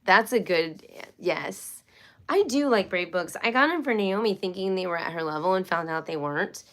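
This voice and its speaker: A woman's voice: lowish voice, expressive, moderate pace, a bit bright. A woman hosting a casual homeschool live stream, chatty and rambling, with many fillers and restarts. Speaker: homeschool livestream host.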